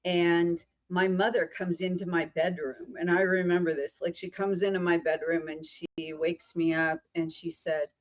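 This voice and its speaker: A woman podcast host from central Pennsylvania, telling a story in a chatty, meandering, animated way over a remote call. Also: fairly low pitch, normal speed, few pauses, rough recording. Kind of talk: casual storytelling chat.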